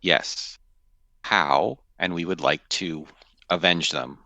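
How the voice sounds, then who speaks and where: A man with a very deep, gravelly voice, playing in a tabletop game and asking blunt questions. His tone is sharp and forceful. The sound is close and dry. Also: slow, no echo. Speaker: player. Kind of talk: in-character tabletop play.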